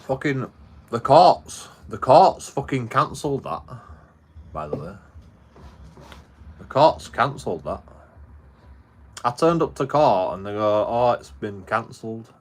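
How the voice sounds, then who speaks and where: A man's voice: medium pitch, very animated, slow pace, long pauses. A man, telling a rambling, heavily sworn story in casual livestream chat. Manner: rambling, heavily profane storytelling with frequent restarts. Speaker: live streamer.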